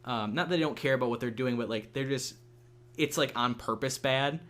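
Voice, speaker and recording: A man's voice: medium pitch, fairly quick, a bit bright. A young man hosting a gaming channel, chatting casually and rambling with lots of fillers and swearing while he plays. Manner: rambling, many fillers and restarts, swears freely. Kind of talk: casual gameplay chat.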